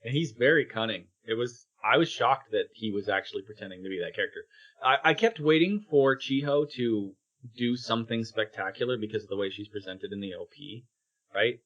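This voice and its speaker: A man's voice: on the low side, lively intonation, a bit bright, dull audio. A man co-hosting a podcast, casually chiming in with corrections and laughing along. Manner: quick to laugh, chimes in with clarifications. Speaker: podcast co-host. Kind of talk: casual chat.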